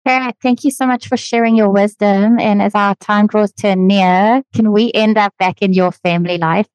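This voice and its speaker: A woman's voice: mid-range voice, fairly even intonation, normal speed, darkish tone, clean tone, dry recording, rough recording. A woman hosting an interview, effusive and affirming as she responds to her guest. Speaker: podcast host.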